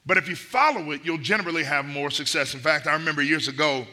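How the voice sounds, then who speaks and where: A man's voice: fairly high pitch, quick pace, sharp tone. A middle-aged man preaching a sermon, emphatic and repeating key phrases. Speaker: pastor.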